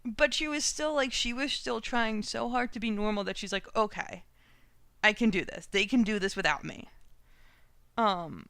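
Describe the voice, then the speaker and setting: Podcast co-host, woman, crisp dry voice, chatty and giggly. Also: mid-range voice, pushed and bright, dry recording. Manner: chatty, laughs often, lots of likes. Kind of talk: casual chat.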